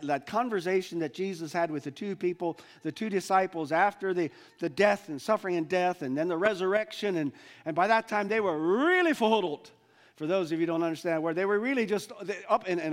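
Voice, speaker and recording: High-voiced man preaching earnestly. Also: expressive, a little fast. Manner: earnest, searching, with frequent restarts. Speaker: pastor. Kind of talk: sermon.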